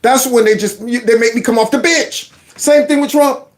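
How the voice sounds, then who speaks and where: A man hosting a casual political commentary channel, animated and mocking, in loose slang. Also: very high-pitched, normal speed.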